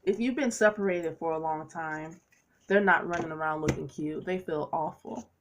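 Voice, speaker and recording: A woman's voice: deep voice, moderate pace, noisy background. A woman giving a tarot reading to her viewers, talking in a chatty, playful way with preachy asides. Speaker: tarot reader. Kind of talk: casual tarot reading monologue.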